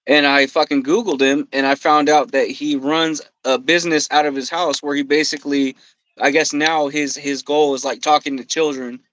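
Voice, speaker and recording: A man telling a story on a podcast, swearing freely and quoting himself and others in an animated way. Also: fairly high pitch, normal speed, no echo, rough recording. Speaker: podcast guest. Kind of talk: casual storytelling. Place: podcast studio.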